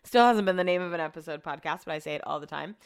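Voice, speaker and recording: A middle-aged woman hosting a podcast, telling an animated, profane story and acting out what people said, with a throat she keeps clearing. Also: fairly low pitch, rapid-fire, no room sound, clean studio sound. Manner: animated, profane, acts out quotes. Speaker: podcast host. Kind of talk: casual storytelling.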